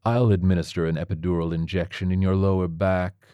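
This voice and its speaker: A soft-spoken tiger surgeon, voiced by a man in a spoken story. He sounds measured and clinical and stays gently matter-of-fact. The voice is deep and the sound is dry and close. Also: level tone, clean tone, dry recording, muffled recording, close to an everyday voice. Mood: calm.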